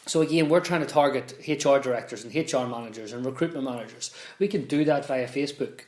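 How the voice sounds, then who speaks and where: A man's voice: mid-range voice, a little fast, darkish tone. Chatty man explaining in an echoey room. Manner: conversational, frequent restarts and repeated words. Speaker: business founder explaining marketing. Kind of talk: casual explainer to camera.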